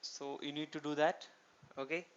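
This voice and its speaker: A man's voice: on the high side, little pitch movement, moderate pace, a little hiss or hum. A man teaching a programming tutorial, explaining step by step and asking himself rhetorical questions. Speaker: programming instructor. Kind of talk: screen-recorded tutorial lecture. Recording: dull lo-fi recording.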